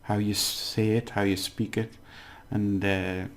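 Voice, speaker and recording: Gravelly low-voiced man teaching. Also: level tone. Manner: explains slowly, repeats words, many fillers. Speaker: language teacher. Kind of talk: casual language lesson.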